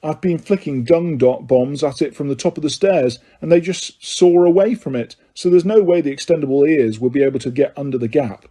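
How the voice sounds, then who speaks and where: A man voicing a bright, lively young girl witch who talks briskly. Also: fairly high pitch, lightly acted.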